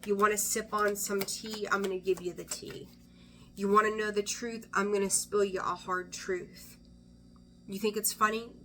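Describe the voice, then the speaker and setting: A woman's voice: medium pitch, level tone, normal speed, a bit bright, slight background noise. A woman giving a casual weekly tarot reading, chatty and blunt, swearing freely and often trailing off to restart her sentences. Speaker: tarot reader.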